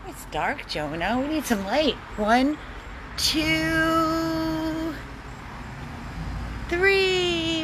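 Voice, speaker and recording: A woman's voice: very high-pitched, drawn-out words, pauses often, background noise. A woman, a dog rescuer, filming one-handed on her phone at home at night, cooing to her dogs in sing-song baby talk and chatting casually to viewers. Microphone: handheld phone, filmed one-handed.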